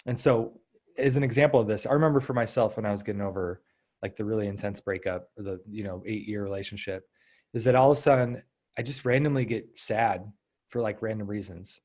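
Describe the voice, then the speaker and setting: A man in his thirties, a guest coach in a casual interview, explaining ideas and acting out inner thoughts in lively asides. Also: fairly low pitch, a little fast. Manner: animated, acts out inner voices.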